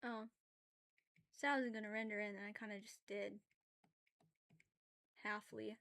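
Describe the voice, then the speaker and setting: With a gravelly, medium-pitched voice and a measured pace, a woman makes casual conversation with viewers during a drawing livestream. She swings from loud, animated rants into quiet apology, chatting in a self-aware way with fillers and bursts of laughter.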